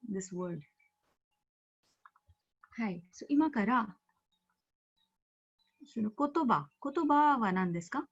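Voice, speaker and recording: Brief: female teacher, patient and explanatory, mid-pitched, heard over a dull video call. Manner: patient, explanatory, with frequent fillers. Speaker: Japanese language teacher. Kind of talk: online language class.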